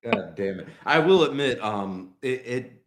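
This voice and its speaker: A man's voice: mid-range voice, animated, unhurried, reverberant, background noise. A man from Texas co-hosting a casual podcast, rambling with many restarts and fillers. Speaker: podcast co-host.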